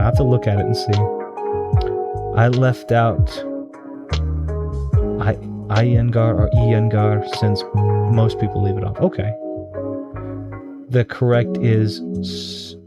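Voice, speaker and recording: A man's voice: mid-range voice, dull audio. A man hosting a live stream in casual chat, rambling and hesitant, often restarting and correcting himself. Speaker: streamer host. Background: background music.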